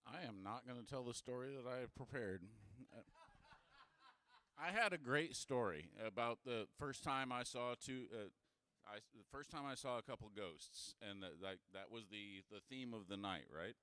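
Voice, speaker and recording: A man's voice: medium pitch, moderate pace, sharp tone, smooth. A man telling an unprepared story live, casual and offhand with joking asides. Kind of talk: improvised story told live. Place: indoor bar.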